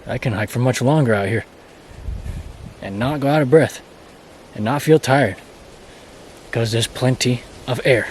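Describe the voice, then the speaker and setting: A man's voice: mid-range voice, unhurried, long pauses, darkish tone, slight background noise. Man rambling on a forest trail. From Colorado. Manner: rambling, playful, talks to himself while hiking. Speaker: hiking vlogger. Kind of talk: casual hiking vlog talk. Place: outdoors on a pine forest trail.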